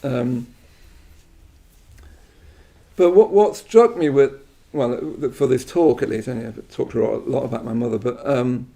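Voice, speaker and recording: A middle-aged man from England gives a thoughtful Buddhist talk, pausing, restarting and letting asides fade to near silence. His voice has a gravelly edge and a dark, mellow warmth. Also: medium pitch. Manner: halting, many restarts and soft trailing asides. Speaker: Buddhist teacher giving a talk. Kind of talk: reflective spoken talk.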